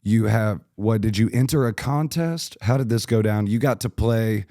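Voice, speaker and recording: Low, mellow-voiced joking podcast host. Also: male voice, no echo, studio quality. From Arkansas. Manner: joking, teasing, quick asides. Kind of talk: casual interview chat.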